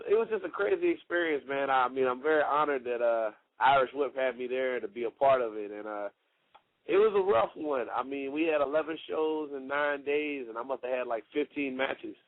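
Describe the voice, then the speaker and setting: A man's voice: fairly high pitch, vocal fry, dry recording. A man, a wrestler guest on a radio show, telling stories in a rambling, casual way full of "you know" and "like". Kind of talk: casual storytelling. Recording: tinny dry phone line.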